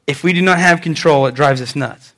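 A man preaches in an animated way, rising loud and dropping soft. His voice sits fairly high for a man. He plays out quotes in different voices. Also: brisk. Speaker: pastor. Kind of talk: sermon.

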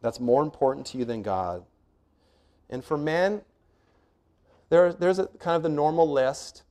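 A man's voice: on the high side, measured pace, a little mellow. A middle-aged man preaching a sermon as pastor, earnest and emphatic, asking rhetorical questions and laying out numbered points.

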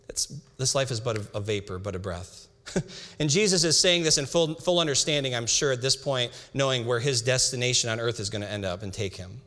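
A young man preaching a sermon, reading scripture slowly with emphasis and breaking into casual asides. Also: medium pitch, a bit bright. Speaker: pastor. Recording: hall reverb.

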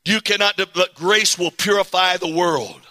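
A man preaching to his congregation, his voice high and very bright. He is animated and keeps calling out for amens. The sound rings with a long hall echo. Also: normal speed. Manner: animated, calls on the congregation to respond. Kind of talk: sermon. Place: church sanctuary.

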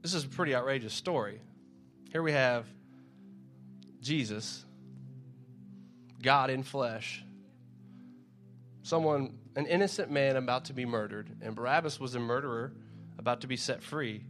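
A man's voice: mid-range voice, measured pace, pauses often. Man, casual sermon, conversational preacher, stumbles and repeats words, faint music underneath. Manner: conversational, repeats words, acts out crowd shouts. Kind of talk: casual sermon with scripture reading.

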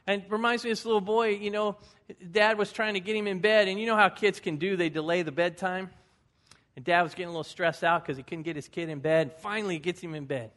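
Pastor, 50s, man, higher voice, relaxed storytelling sermon delivery. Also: quick pace. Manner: folksy, conversational, anecdotal.

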